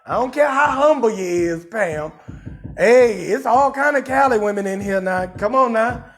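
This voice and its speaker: A man from New Orleans with a New Orleans accent, a comedian hosting a live stream and roasting someone in a loud, profane rant with shouted bursts. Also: sits high, lively intonation, moderate pace. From New Orleans, USA.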